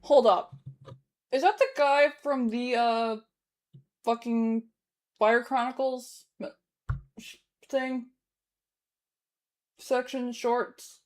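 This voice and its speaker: A woman's voice: on the high side, steady tone, extremely slow, long pauses. A woman hosting a casual reaction livestream, rambling and correcting herself, laughing easily. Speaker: streamer host.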